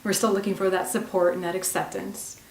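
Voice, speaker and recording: A woman hosting a self-help video, talking warmly and encouragingly straight to the viewer. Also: medium pitch, level tone, brisk, vocal fry, reverberant, far from the mic, slight background noise. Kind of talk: gentle spoken self-help talk.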